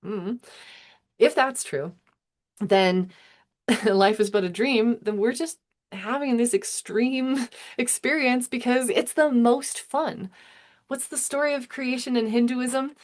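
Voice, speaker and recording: A woman's voice: fairly high pitch, slow, a little mellow. A woman in her thirties, an astrologer musing aloud in a meandering, self-interrupting way with chuckles. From United States. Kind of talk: casual musing monologue.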